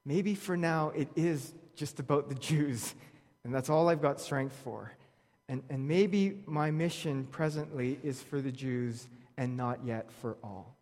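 A man's voice: mid-range voice, unhurried. Man preaching in an echoing hall. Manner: lively storytelling, wry humor, reads verses aloud. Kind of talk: sermon. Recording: long reverb of a large hall.

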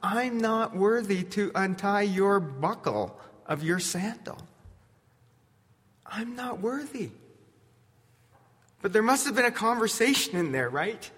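Slow, earnest male pastor in a reverberant hall. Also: fairly high pitch. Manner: earnest, building to emphatic questions then dropping to soft quiet lines. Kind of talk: sermon. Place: church sanctuary.

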